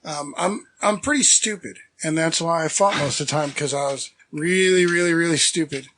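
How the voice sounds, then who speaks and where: A middle-aged man from the San Francisco Bay Area tells rambling stories on a podcast in a high voice. He mocks himself and acts out what everyone said, the way you would with friends over drinks. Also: moderate pace, fairly bright tone, a little hiss or hum. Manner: rambling, self-deprecating, acts out quotes. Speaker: podcast guest. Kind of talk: casual storytelling.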